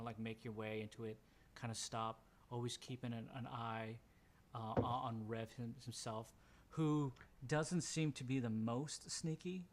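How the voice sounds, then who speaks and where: A man running a tabletop role-playing game as game master, narrating loosely with lots of "kinda" and "like". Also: medium pitch.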